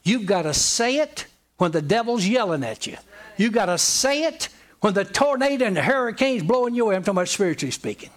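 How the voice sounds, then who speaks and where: A man's voice: high voice, big pitch swings, fairly quick. A man preaching a sermon in an emphatic, folksy way, hammering points home by repeating them.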